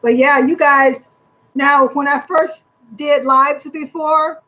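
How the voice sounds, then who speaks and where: Bubbly high-voiced woman chatting live. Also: fairly even intonation, slow pace, pushed and bright, low-quality recording. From Michigan, USA. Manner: upbeat, chatty, reads out viewer comments. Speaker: livestream host. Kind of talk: casual live chat with viewers.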